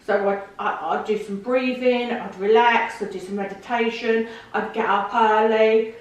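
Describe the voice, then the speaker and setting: A woman, a podcast guest telling her story in casual chat, emotional and animated, with put-on voices for the people she quotes. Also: on the high side, a little slow. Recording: echoey room from a distance.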